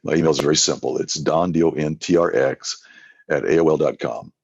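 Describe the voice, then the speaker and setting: A man's voice: a bass voice, brisk, creaky, a little mellow, breathy edge, no room sound. A male evangelist telling folksy stories in an interview, often acting out what people said. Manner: folksy anecdotes with acted-out quotes. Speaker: evangelist guest. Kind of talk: storytelling in a podcast interview. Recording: dull lo-fi sound.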